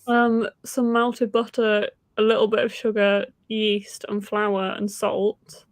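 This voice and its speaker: A woman hosting a casual reading stream, talking in a chatty, excitable way with frequent giggles. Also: medium pitch, slow, no room sound, clean studio sound. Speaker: host of a reading sprint stream. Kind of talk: casual livestream chat.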